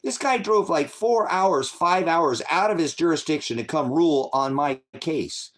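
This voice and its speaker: A man's voice: on the high side, animated, a little slow, a bit bright. A middle-aged man hosting a faith channel, delivering an angry, profane, rambling rant to his viewers.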